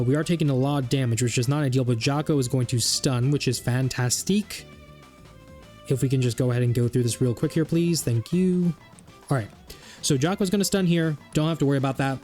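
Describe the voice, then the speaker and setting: A man's voice: mid-range voice, a little mellow. A man giving casual, rambling gameplay commentary, thinking aloud and growing exasperated as he plays. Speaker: gaming YouTuber.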